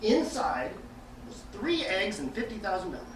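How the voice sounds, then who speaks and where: Male stand-up, lively pitch swings, animated; distant, roomy, noisy live stage capture. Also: normal speed. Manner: animated storytelling, shocked asides. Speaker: comedian. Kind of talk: stand-up joke telling. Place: theater stage. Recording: echoey live stage, far mic, noisy.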